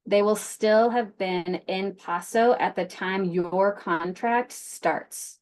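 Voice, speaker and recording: A woman's voice: mid-range voice, takes it slowly, darkish tone. Casual woman presenting a grant session. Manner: casual, many "like" and "um" fillers. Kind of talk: informational session, conversational.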